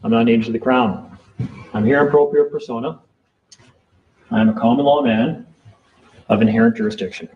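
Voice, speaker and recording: A man's voice: medium pitch, steady tone, fairly quick, pauses often, narrow, tinny audio. Rambling man lecturing a small group. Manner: rambling, repeats himself, acts out court exchanges. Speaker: seminar speaker.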